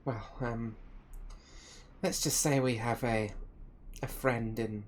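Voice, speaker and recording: A gentle, pious adventurer, as a man plays him at the gaming table. His voice stays flat and even while he speaks slowly, searching for words. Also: mid-range voice, slight background noise, close to an everyday voice. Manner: measured, slow, hesitant.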